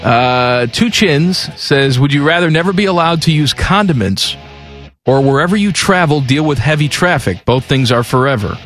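A man's voice: on the high side, moderate pace, a bit bright, faint music behind. A man co-hosting a sports radio show, joking around and reading listener questions aloud in casual banter.

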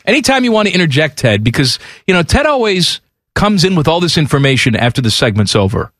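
A man hosting a sports radio show, in teasing, animated banter. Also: on the high side, quick pace, no echo, studio quality.

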